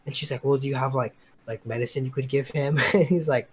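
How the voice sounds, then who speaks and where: A man's voice: medium pitch, fairly even intonation, fast, a little hiss or hum. A young man co-hosting a podcast, telling a long story in a casual, rambling way with lots of fillers and quoted dialogue. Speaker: podcast co-host.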